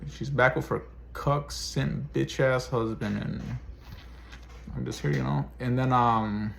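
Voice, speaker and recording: A man's voice: mid-range voice, fairly even intonation, takes it slowly, vocal fry, slight background noise. A man venting in a personal vlog as a single dad, swearing often and sounding frustrated. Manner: profane, frustrated ranting.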